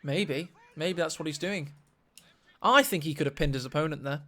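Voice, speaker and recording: A man casting a strategy game match, excitable and quick to gasp at big plays. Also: on the high side. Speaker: esports caster. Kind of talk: live game commentary.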